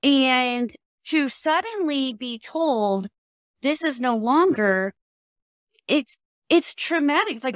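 A woman with a high, bright-pitched voice hosts a podcast in easy, casual chat. She talks in an animated way, stacking up fillers and restarting her sentences. The sound is close and dry, with no room around it. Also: slow, no echo. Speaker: podcast host. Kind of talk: casual conversational interview.

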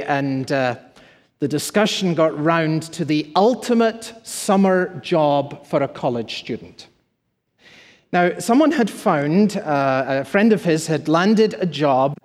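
A male pastor preaching in an emphatic, repetitive cadence. His voice sits high for a man, and it carries a long reverb tail through a large hall. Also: darkish tone. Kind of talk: sermon.

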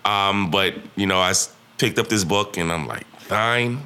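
A man's voice: low-pitched, normal speed, clear, resonant tone. A young man in his twenties, a podcast guest, telling a story casually and with energy, acting out what people said. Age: 20s. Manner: animated, rhythmic storyteller, acts out quotes.

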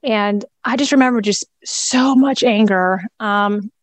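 A woman's voice: medium pitch, a little slow, dry recording. A middle-aged woman, a guest in an interview, candidly and reflectively telling a personal story with a laugh now and then.

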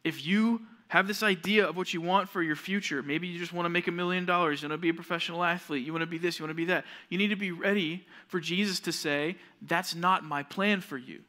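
A young man, a youth pastor, giving a sermon to junior high students and telling a story with acted-out quotes. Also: steady tone, fast, hardly any pauses, sharp tone. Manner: storytelling, acts out quoted voices.

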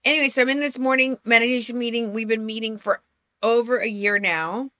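A woman's voice: fairly high pitch, fairly even intonation, brisk, sharp tone, no room sound, studio quality. A middle-aged woman co-hosting a podcast, telling personal stories in a chatty, self-deprecating way with frequent restarts. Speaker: podcast co-host. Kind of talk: casual storytelling chat.

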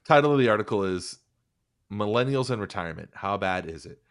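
A man's voice: on the low side, animated, fairly quick, no room sound, clean studio sound. A man hosting a casual podcast chat, rambling and sardonic, swearing freely as he reads from and mocks an article.

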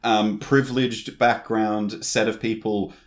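A man's voice: lowish voice, level tone, slow. A man co-hosting a podcast, chatting in a supportive, openly emotional way. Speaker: podcast co-host. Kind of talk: casual podcast chat.

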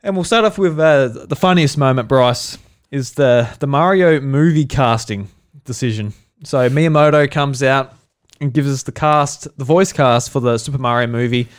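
A man's voice: mid-range voice, normal speed, clear, resonant tone. An Australian man co-hosting a casual podcast chat, laughing often, swearing and acting out quotes. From South Australia. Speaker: podcast co-host.

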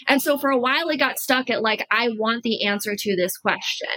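A woman's voice: a little high, brisk, few pauses, bright, forceful tone, no room sound, rough recording. A woman guest, a life and love coach, chatting casually and acting out both sides of past conversations. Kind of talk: casual storytelling chat.

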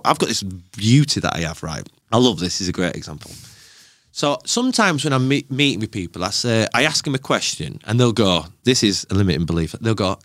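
A man's voice: lowish voice, no room sound, studio quality. A man talking casually as a podcast guest, telling stories with lots of life and acting out the lines of others as he quotes them. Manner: animated storyteller, acts out quoted exchanges.

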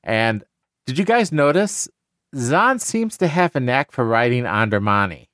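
A man's voice: mid-range voice, sing-song, unhurried, fairly bright tone, no room sound, studio quality. A man hosting a casual book discussion podcast, talking with enthusiasm and often restarting his sentences. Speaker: podcast host.

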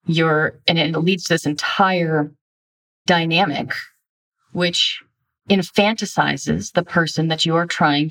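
A woman giving blunt, emphatic self-help coaching in a somewhat low voice. She sits back a bit from the microphone, so her voice sounds slightly distant. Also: a bit bright. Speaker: relationship coach. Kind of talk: instructional self-help talk.

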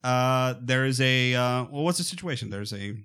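A man in a casual podcast chat about a movie, rambling and animated, often slipping into quick mock voices. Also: medium pitch, smooth. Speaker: podcast co-host.

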